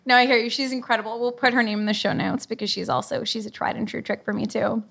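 A woman's voice: on the high side, fairly even intonation, fast, vocal fry, fairly bright tone, breathy edge. A woman hosting an onstage interview, chatty and self-deprecating. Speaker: host interviewer.

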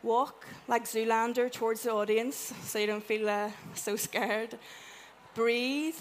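A woman with an Irish accent giving a chatty, animated talk to a live audience, acting out little quotes as she goes. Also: fairly high pitch, takes it slowly, a little hiss or hum. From Ireland. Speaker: conference speaker. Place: event room with an audience.

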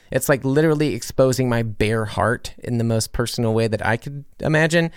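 A man's voice: mid-range voice, clean tone, no echo, clean studio sound. A man who is a musician and comedy creator, answering radio interview questions in an earnest, rambling way with many restarts. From United States.

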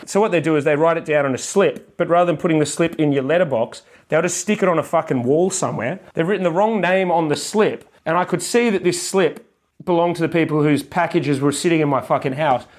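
Podcast co-host, male, fired-up profane ranter with a slightly raised voice. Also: on the high side. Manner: profane, heated, mocking. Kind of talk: sweary comic rant.

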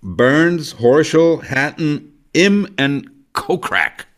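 Slow-talking man with a lively voice. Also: a little high. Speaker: panel member reading team lists. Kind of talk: casual chat.

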